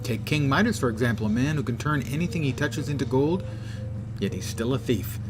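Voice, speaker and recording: A man's voice: mid-range voice, fairly quick, soft background music, natural voice. A man voicing an arrogant, greedy male businessman who talks down to others in a game. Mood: smug. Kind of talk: reading game dialogue aloud.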